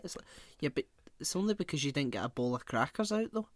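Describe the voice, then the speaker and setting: A man co-hosting a podcast in casual chat, animated and sweary, breaking into mocking voices of relatives. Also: a little high, quick pace. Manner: animated, swearing, mimics relatives with put-on accents. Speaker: podcast co-host.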